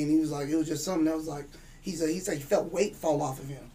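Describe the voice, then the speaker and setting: A man's voice: on the high side, fairly even intonation, racing, warm tone, recorded from a distance. A man telling a spiritual story in casual chat, rambling and profane, acting out the dialogue. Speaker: guest.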